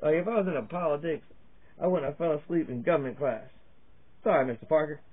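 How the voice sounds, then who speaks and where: A fast-talking man with a breathy edge and a voice on the high side vlogs comedy from Virginia, USA. He rambles crudely and profanely at his camera in stand-up style, cracking jokes and jumping between topics. The audio has a tinny, phone-like lo-fi quality.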